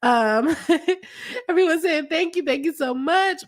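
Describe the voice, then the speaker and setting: A woman, a lawyer chatting her way through a live stream and reading viewer comments aloud. Her voice sits a little high, and she laughs often. A cold leaves her coughing now and then. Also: animated, takes it slowly.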